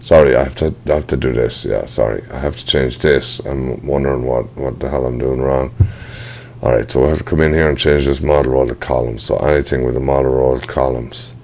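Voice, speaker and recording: Very deep, gravelly man teaching software. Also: fairly even intonation, brisk. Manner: casual, thinks aloud, apologizes for slips. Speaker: software tutor. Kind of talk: screen-recorded software tutorial.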